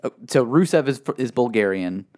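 A man's voice: mid-range voice, lively intonation, moderate pace, a little mellow. A man co-hosting a casual podcast, explaining at length in a chatty way with many fillers. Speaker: podcast co-host. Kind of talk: casual wrestling chat.

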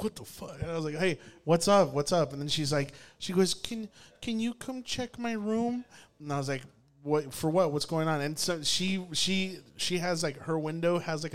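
A young man tells a funny story in a casual, chatty way. His voice sits a little high. He swears freely, laughs a lot and trips over his own restarts. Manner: animated, swearing, laughing often, many restarts.

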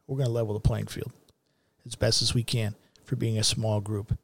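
A man's voice: on the low side, level tone, moderate pace. A middle-aged man hosting a commentary show, ranting in a blunt, profane and heated way. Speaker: show host.

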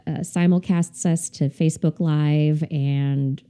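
A woman with a mellow, low-set voice speaks as a podcast guest. She sounds relaxed and thoughtful, with a few hesitations. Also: slow, clean tone. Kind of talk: casual chat.

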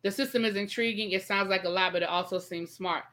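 Bright-voiced woman hosting a chatty live stream. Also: medium pitch, steady tone, fast. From Washington, D.C. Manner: chatty, explains patiently, reads out viewer comments. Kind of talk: casual live-stream chat.

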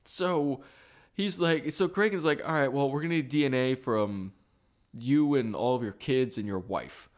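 A man's voice: medium pitch, normal speed. Guy on a podcast ranting about a tv episode, swears a ton, does the characters' lines. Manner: profane, animated, acts out quotes. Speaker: podcast co-host. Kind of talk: casual chat recapping a TV episode.

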